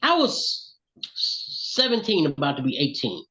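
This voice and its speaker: Give me a middle-aged man with a Southern accent, an animated storyteller, recorded dull and lo-fi. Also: on the high side, unhurried. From Alabama, US. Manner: animated storyteller, acts out voices in quotes. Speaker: recording artist, interview guest. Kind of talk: storytelling in casual interview.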